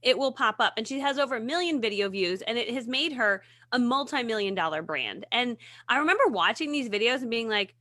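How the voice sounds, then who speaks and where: A woman in her thirties talks with a bright, forceful voice on a morning talk show. She chats casually and tells her stories in an animated way, laughing often. The sound is dry, with no room echo. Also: fairly high pitch, a little fast. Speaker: guest, video marketing coach. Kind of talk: casual chat.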